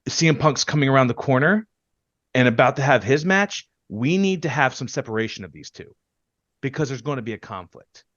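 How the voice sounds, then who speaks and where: A man's voice: animated, fairly bright tone, dry recording, dull audio. Man ranting on a podcast, profane. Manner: profane, ranting, quick bursts that then drop low. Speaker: podcast co-host. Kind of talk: heated casual chat.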